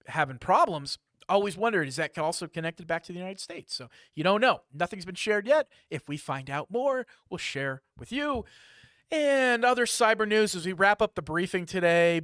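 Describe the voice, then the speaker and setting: A man with a fairly high voice hosts a live security news briefing. He talks in a lively, chatty way, dropping asides and jokes between items. The sound is dry and close, with no room around it. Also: no echo.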